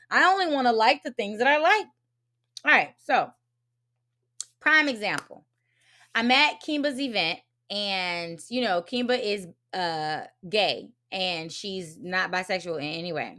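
A woman hosting a podcast, telling a story in a blunt, profane and animated casual monologue. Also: medium pitch. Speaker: podcast host.

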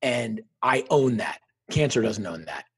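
A middle-aged man speaking as an interview guest, earnest and reflective, telling personal stories and lively when quoting others. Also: fairly low pitch, unhurried. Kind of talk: conversational interview storytelling.

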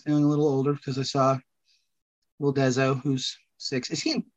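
A man's voice: mid-range voice, flat delivery, brisk. A man chatting as a podcast guest, rambling and joking, laughing at himself. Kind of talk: casual chat.

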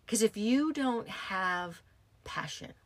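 A woman's voice: mid-range voice, expressive, moderate pace, breathy edge, no echo. A woman in her fifties, a yoga teacher hosting a podcast, talking in a casual, emphatic motivational way and repeating her key phrases. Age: 50s.

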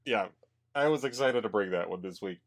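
A man's voice: fairly low pitch, lively intonation, a little fast. A man hosting a movie-review podcast, talking casually with stops and repeated words and frequent laughs. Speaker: podcast co-host.

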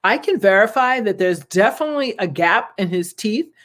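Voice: medium pitch, animated, moderate pace, a bit bright. A speaker in their thirties hosting a casual good-news talk, rambling and chatty with frequent laughs and fillers and earnest, preachy asides. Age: 30s. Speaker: podcast host and nonprofit founder.

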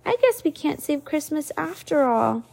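A woman's voice: high-pitched, sing-song, normal speed, gravelly, darkish tone, pitched above the performer's own voice, exaggerated voice. A woman reading aloud and voicing a whiny little boy who is easily upset. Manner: whiny, plaintive.

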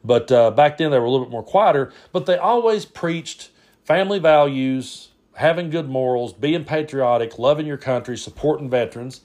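A man's voice: medium pitch, moderate pace, darkish tone. A middle-aged man from Tennessee with a Southern accent, hosting a podcast and telling a personal story in a folksy, plainspoken way with frequent restarts. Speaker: podcast host.

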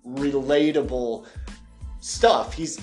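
A man telling a story on a casual podcast, his voice sitting in an ordinary middle pitch. He drops into other people's voices to act out customers. Faint music plays under the talk. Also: takes it slowly. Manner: animated storyteller who mimics customers in raised voices. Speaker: podcast co-host.

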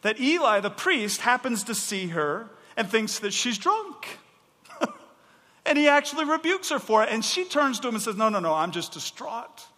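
A man's voice: very high voice, expressive, moderate pace, bright, forceful tone. A man preaching a sermon as pastor, emphatic and conversational, speaking plainly to the congregation with casual asides. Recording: long hall reverb.

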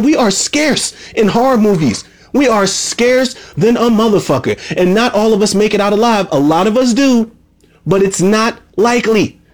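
A man recapping a horror movie in a casual, profane way, ranting with feeling and calling his listeners "people". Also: sits high. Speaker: movie reviewer.

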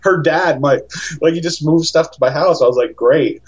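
A man's voice: a little high, a little fast. Rambling man with a lo-fi sound. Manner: rambling, animated, acts out quoted voices. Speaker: guest. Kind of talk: casual storytelling chat.

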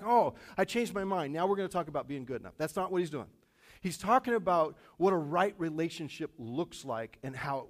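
A man preaching a sermon, telling a personal story with many fillers and animated storytelling. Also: on the high side. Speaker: pastor. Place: church auditorium.

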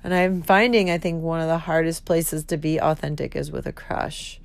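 A woman's voice: sits low, steady tone, moderate pace, gravelly, no room sound. A woman in her thirties hosting her own podcast, talking candidly, giggling often and swearing freely. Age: 30s. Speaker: podcast host. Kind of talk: candid solo podcast monologue.

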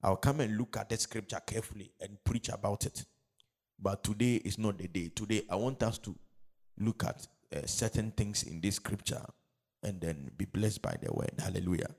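A man preaching a sermon, repeating phrases and calling out questions for the congregation to answer, rising to loud, drawn-out emphasis. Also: fairly low pitch, creaky, slightly rough. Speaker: pastor.

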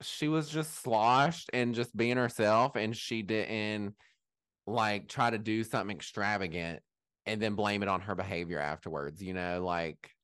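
Low-voiced sassy man, dry sound. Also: unhurried, fairly bright tone, smooth, dry recording. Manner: chatty, sassy, swears. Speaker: podcast guest. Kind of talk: casual gossip chat.

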